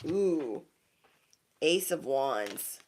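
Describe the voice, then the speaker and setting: Background noise accompanies this tarot reader, who talks very slowly and expressively during a casual reading for her viewers. She is sassy and emphatic, says lines twice for effect, and mocks people by imitating them in high put-on voices.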